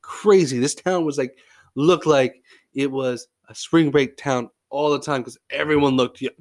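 A man's voice: mid-range voice, steady tone, a little slow. A man hosting a casual sports history podcast, telling stories in a jokey, goofy, chatty way. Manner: jokey and goofy, with playful tall tales; loose and chatty, with frequent fillers. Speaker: podcast host.

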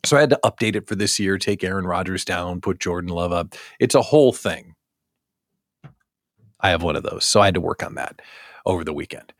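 A man's voice: deep voice, a little fast, dry recording, studio quality. A middle-aged man hosting a live show, talking to his viewers in a playful, upbeat way. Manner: playful, animated, talks straight to viewers. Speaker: host of a daily live small business show. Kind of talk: upbeat live-stream talk.

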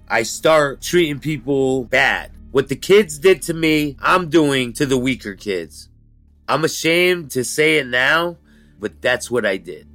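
A man bluntly recounting his rough youth in an interview, talking in street slang and swearing freely. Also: medium pitch, bright, forceful tone. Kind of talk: candid life-story interview.

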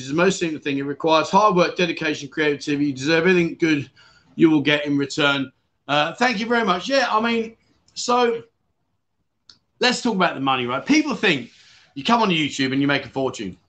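A man's voice: on the high side, fairly bright tone. A British man hosting a casual livestream, out of breath, chatty and jokey, rambling with self-corrections. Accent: British English. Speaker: livestream host.

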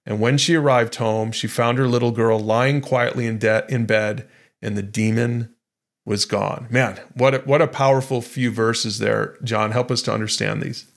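A man's voice: medium pitch, steady tone, normal speed, gravelly. A man co-hosting a Bible study podcast, talking earnestly and conversationally with frequent restarts. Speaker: podcast co-host. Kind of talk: casual Bible study discussion.

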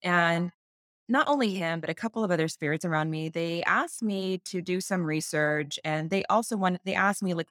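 A woman in her thirties tells a personal story as a podcast guest, her voice a little low. She is animated, laughs often and acts out the voices she quotes. The sound is close and dry. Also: moderate pace, dry recording. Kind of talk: casual storytelling in an interview.

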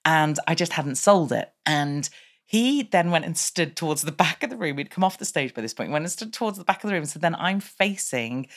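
A British woman with a notably low voice tells a personal story in a candid, animated way, her delivery moving in quick bursts. She speaks as a business coach in her thirties. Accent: British English.

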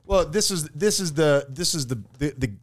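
A man co-hosts a comedy podcast, teasing and mock-grandiose in his banter. His voice sits a touch high and swoops around animatedly in pitch. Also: normal speed. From Florida, USA. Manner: playful, mock-grandiose, lively pitch swings. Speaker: podcast co-host. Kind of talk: casual comedic chat.

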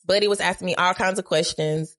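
A woman's voice: fairly low pitch, steady tone, brisk, a bit bright. A woman telling a dramatic story as a podcast guest, profane, acting out quoted lines with big jumps in her voice. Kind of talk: animated storytelling.

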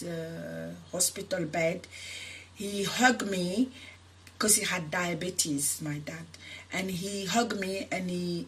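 Born in Senegal and raised in France, this woman is an activist speaking as an interview guest. She recounts her life story earnestly and emotionally with many restarts, in a mid-range, slightly bright voice.

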